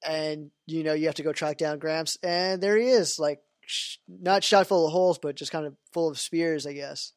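A man with a fairly high voice hosts a casual podcast, and he rambles loosely with lots of fillers. The sound is dry and close, with almost no room echo. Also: moderate pace, hardly any pauses. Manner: rambling, full of "you know" and "like" fillers. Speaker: podcast host. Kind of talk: casual chat about a video game.

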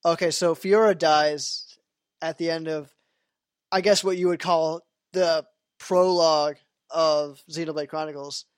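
A man with a fairly high voice hosts a casual podcast, and he rambles loosely with lots of fillers. The sound is dry and close, with almost no room echo. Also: steady tone, a little slow, clear, resonant tone. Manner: rambling, full of "you know" and "like" fillers. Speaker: podcast host. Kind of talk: casual chat about a video game.

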